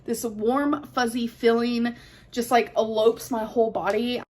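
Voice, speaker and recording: A woman's voice: a little high, level tone, measured pace, a little mellow. A woman vlogger chatting casually to the camera, answering things said about her in a candid, defensive way. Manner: candid, defensive, emotional at times.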